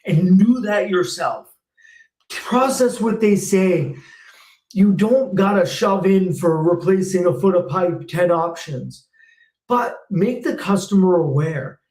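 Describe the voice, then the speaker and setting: Host, man in his thirties, blunt and fired up, swears freely, slightly high voice, echoey room. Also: lively intonation, a little slow, darkish tone. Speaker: host and former technician. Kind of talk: live Q&A rant.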